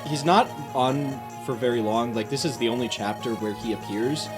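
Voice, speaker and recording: A man's voice: mid-range voice, moderate pace. A man casually commentating a video game playthrough as a guest, rambling and hesitant, with frequent restarts. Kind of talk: casual let's play commentary. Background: video game music.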